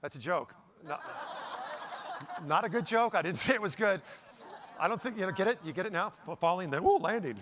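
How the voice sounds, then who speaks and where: A middle-aged man giving a lively talk to a live audience, joking and asking the crowd questions. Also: sits high, a little fast, noisy background. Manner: animated, jokey, asks the audience questions. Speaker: motivational speaker. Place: event stage before a live audience.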